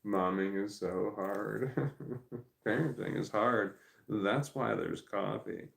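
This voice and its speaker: A man's voice: lowish voice, slow pace, creaky, roomy sound. A man chatting casually at home in a meandering, stammering way, talking to his dog and reading messages aloud. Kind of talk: rambling casual livestream chat. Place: at home indoors.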